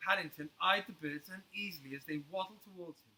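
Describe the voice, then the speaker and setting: A man reading a storybook aloud to children and leading a picnic activity, gentle and sing-song. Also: high voice, brisk, slightly rough, poor audio.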